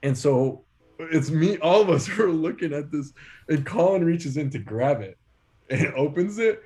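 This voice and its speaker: A man co-hosting a podcast, telling funny stories in an animated way, laughing often. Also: fairly high pitch, normal speed. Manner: animated, laughing, lots of fillers. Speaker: podcast co-host. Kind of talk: casual storytelling.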